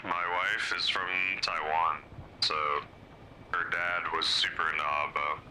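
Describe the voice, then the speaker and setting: A man with a very deep voice but a very bright, forward tone chats in a friendly way with other players. Faint noise sits under his game voice chat. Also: steady tone, unhurried, rough recording. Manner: friendly, chatty.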